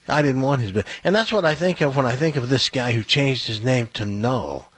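A man telling a long personal anecdote on a talk show, in an animated storytelling way. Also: medium pitch, a little fast, breathy edge, dry recording.

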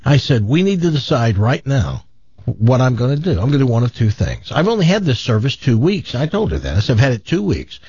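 Man, husky, exasperated caller with a lively voice, dull dry sound. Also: medium pitch, fast, few pauses, dry recording. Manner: exasperated, animated retelling with quoted voices. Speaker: caller telling a story. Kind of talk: casual storytelling on a talk show.

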